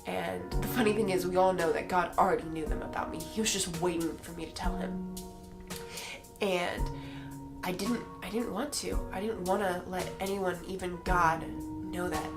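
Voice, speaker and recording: A woman's voice: fairly low pitch, fairly even intonation, normal speed, music in the background. A woman giving a personal faith testimony to the camera, talking earnestly and emotionally straight to her viewers.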